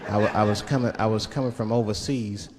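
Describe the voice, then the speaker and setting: Recorded live in a large hall amid crowd noise and laughter, a male comedian with a fairly low, steady, slightly mellow voice spins loose stories. He drags out his punchlines for the audience.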